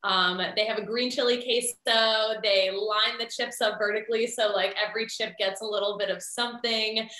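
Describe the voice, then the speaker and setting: A woman's voice: medium pitch, steady tone, moderate pace, few pauses, sharp tone, reverberant, poor audio. A woman speaking on a conference panel over a video call, chatty and upbeat with plenty of fillers. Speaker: baseball broadcaster and food blogger. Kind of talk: panel discussion.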